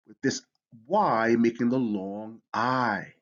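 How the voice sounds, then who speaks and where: A man's voice: mid-range voice, measured pace, fairly bright tone, lo-fi sound. A man teaching a spelling lesson, explaining with enthusiasm. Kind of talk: educational lesson.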